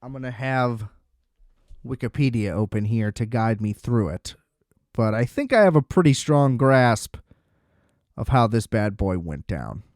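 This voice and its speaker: A man hosting a podcast, casually recapping and ranting about a movie with animated, exasperated energy and frequent laughs. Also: medium pitch, measured pace, no room sound, studio quality. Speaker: podcast host. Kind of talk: casual movie review rant.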